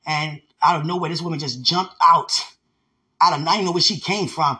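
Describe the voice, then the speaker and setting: A man's voice: on the high side, moderate pace, pushed and bright, breathy edge. A man speaking lovingly and devotionally to his fiancé, rambling and laughing often, at home. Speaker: vlogger. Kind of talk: casual devotional talk to a fiancé. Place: home by a window.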